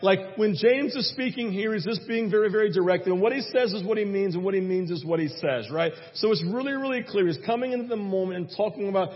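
A young pastor with a high voice tells a lively story from the pulpit, acting out his own panicked prayers. His voice rings with long reverb in a church sanctuary. The recording sounds dull and muffled. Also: quick pace, hardly any pauses. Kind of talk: sermon.

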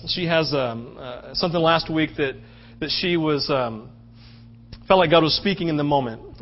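A male pastor delivers an impassioned sermon in a high voice. He swings between loud outbursts and hushed, low passages. The recording is dull and lo-fi.

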